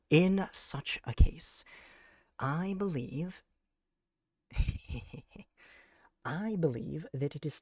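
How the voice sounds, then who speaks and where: A streamer chatting live on a desk mic, using grand, formal, mock-villainous phrasing with sarcastic deadpan jokes. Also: medium pitch, no echo, studio quality. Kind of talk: casual live-stream chat.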